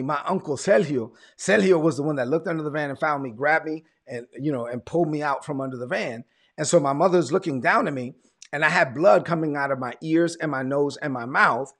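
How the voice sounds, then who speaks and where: A man's voice: fairly high pitch, a bit bright. A man, a pastor telling his testimony in a sermon, repeating words as he tells the story. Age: 40s.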